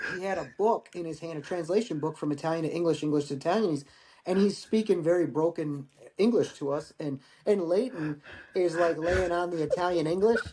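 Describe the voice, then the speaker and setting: An American man in his forties tells stories from his service as a podcast guest. His voice sits a little high for a man, and he talks loosely, cursing freely and doubling back on his words. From United States. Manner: relaxed, profane, repeats words when starting phrases. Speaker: guest, Marine veteran. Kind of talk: casual storytelling.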